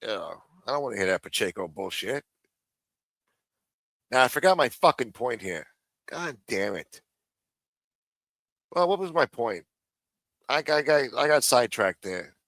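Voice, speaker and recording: A man hosts a live show and rants with profanity and sarcasm. His voice is bright and forceful. The sound is dry and close. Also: medium pitch, expressive, a little slow, long pauses, no room sound. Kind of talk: profane live-stream rant.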